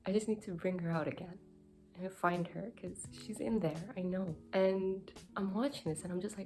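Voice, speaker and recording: A woman's voice: mid-range voice, fairly even intonation, moderate pace, dark tone. A young woman recording a casual video diary about her life coach training, rambling and candid, with constant fillers. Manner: rambling, heavy use of "like", emotional and candid.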